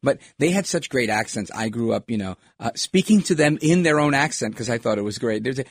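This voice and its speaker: A middle-aged male talk host with a husky voice who rambles through opinionated political commentary and wanders off on tangents. His pitch swings widely as he talks. The sound is dry and close, with no room around it. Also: fast talker, few pauses, dry recording. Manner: rambling, animated, digressive.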